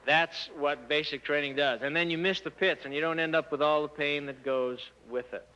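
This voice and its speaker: A man giving a church talk to teenagers, an animated storyteller who asks rhetorical questions and acts out the dialogue. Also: on the high side, normal speed, smooth. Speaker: church speaker addressing youth. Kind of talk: sermon-style talk to teens. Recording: muffled lo-fi recording.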